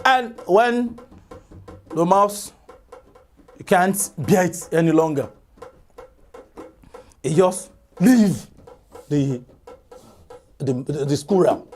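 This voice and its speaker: A woman telling a folk tale in an animated, chatty way, with asides to listeners. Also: lowish voice, drawn-out words, long pauses, slight background noise. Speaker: storyteller.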